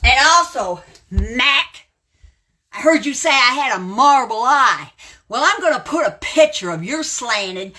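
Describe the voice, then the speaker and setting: A woman's voice: a little high, animated, measured pace, sharp tone. A woman in her seventies hosting a live stream, ranting bluntly and calling people out by name. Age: 70s.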